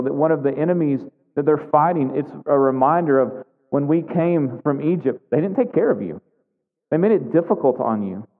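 Male pastor, conversational sermon, thin phone-like tone with long reverb. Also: a little high. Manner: conversational preaching, frequent "right?" asides. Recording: tinny phone-like sound with long hall reverb.

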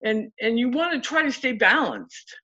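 Woman guest, coaching type, chatty storyteller, higher voice, muffled lo-fi sound. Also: normal speed. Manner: animated, acts out quotes of clients. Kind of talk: casual storytelling interview.

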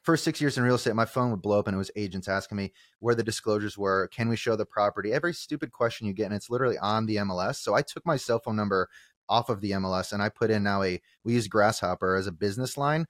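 Blunt, rapid-fire male real estate agent guest, swears freely, dry close-mic sound. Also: on the low side, a bit bright, no room sound. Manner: blunt and fast, with frequent profanity. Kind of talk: casual podcast chat.

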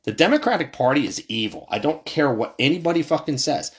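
A man from the United States delivering a heated political rant, passionate and profane, his voice jumping high and then dropping low. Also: big pitch swings, fairly quick. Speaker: commentator.

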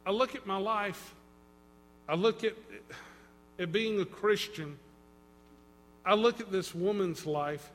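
A man preaching a sermon as pastor, dramatic, swinging between loud and hushed and acting out quotes. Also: high-pitched, slow, pauses often. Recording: long reverb in a hall.

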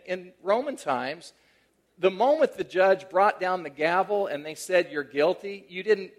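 A middle-aged pastor with a fairly high voice shares a personal story from the pulpit. His conversational sermon moves between lively emphasis and a hushed, tender tone.

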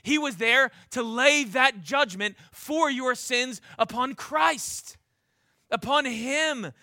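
A man preaching a sermon with passion, pressing his listeners with repeated rhetorical questions and stumbling into quick restarts. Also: very high-pitched, pushed and bright, no echo, clean studio sound.

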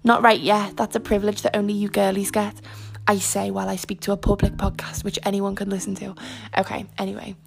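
A young woman hosts a self-help style podcast, her voice carrying a gravelly creak. She talks frankly and rambles from one aside to the next, with plenty of filler words, while faint music plays underneath. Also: medium pitch, monotone, fairly quick, hardly any pauses. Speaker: podcast host. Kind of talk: casual chat.

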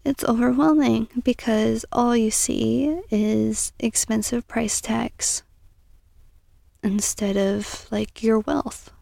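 A young woman hosting a casual self-help podcast, earnest and encouraging, sometimes dropping into soft whispery asides. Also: a little high, fairly even intonation, takes it slowly, vocal fry, no room sound. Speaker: podcast host.

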